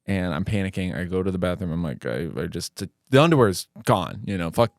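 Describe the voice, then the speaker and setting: Low-voiced young man, rambling storyteller. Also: lively intonation, brisk, dry recording, clean studio sound. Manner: rambling, profane, self-mocking anecdotes. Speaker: podcast host. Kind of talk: casual chat, storytelling.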